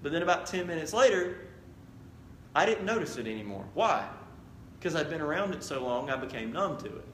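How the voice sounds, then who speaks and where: A man preaching as the pastor of a church, earnest and direct, dropping quiet then building to emphatic appeals. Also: on the high side, very animated, brisk, a little hiss or hum. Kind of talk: sermon. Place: church sanctuary.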